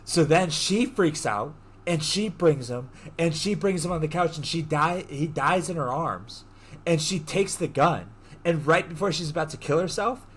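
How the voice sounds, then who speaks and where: Animated man retelling a movie plot. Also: a little high, slightly rough. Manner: animated, acts out the characters' lines in quick bursts; swears casually, heavy use of "like". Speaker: podcast host.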